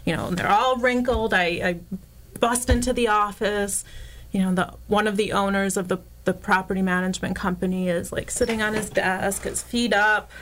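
A woman's voice: normal speed, slight background noise, rough recording. Chatty woman telling a story. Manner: animated, acts out quoted dialogue with rising pitch; frequent "like" and "you know" fillers. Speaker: interview guest. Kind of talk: personal storytelling in conversation.

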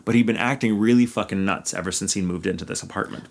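A man with a low voice co-hosts a casual podcast chat. He tells history in a loose, rambling way, full of restarts and easy swearing. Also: quick pace, vocal fry, darkish tone. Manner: rambling, frequent restarts and profanity. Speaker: podcast co-host.

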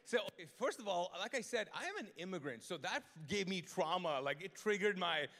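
A man, a pastor, telling a funny story during a live sermon in a big church, talking in a casual, animated way and often correcting himself mid-sentence. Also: sits high. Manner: animated, conversational, humorous, with quick self-corrections. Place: large church auditorium. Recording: live church recording with long reverb.

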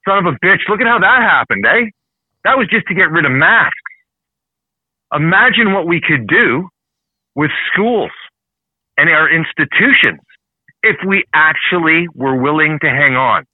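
A man from Canada hosting a heated political talk show, ranting fast and swearing often. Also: on the high side, expressive, no echo. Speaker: show host. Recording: dry, phone-like narrow sound.

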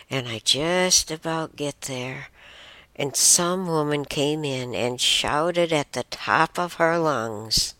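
A woman's voice: rumbling low, a bit bright, no echo. A woman hosting a show, casually telling a personal story in a rambling way, often restarting and correcting herself. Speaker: show host.

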